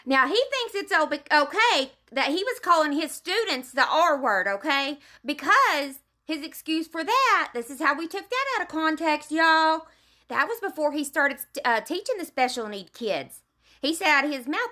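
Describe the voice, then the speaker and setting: Woman ranting, high bright voice. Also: sing-song, moderate pace. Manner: heated, profane, emphatic. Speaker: commentary vlogger. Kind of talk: ranting commentary.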